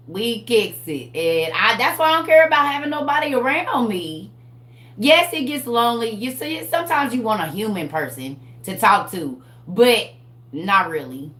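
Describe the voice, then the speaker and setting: A woman in her forties preaching casually to her viewers about her faith, animated and laughing often, calling them y'all. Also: on the high side. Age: 40s. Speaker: vlogger sharing faith. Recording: roomy echo.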